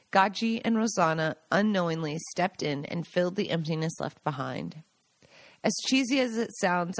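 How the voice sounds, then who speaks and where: A woman's voice: lowish voice, dry recording. American woman reading her own memoir. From United States. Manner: conversational, wry, self-amused reading. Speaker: podcast host and author.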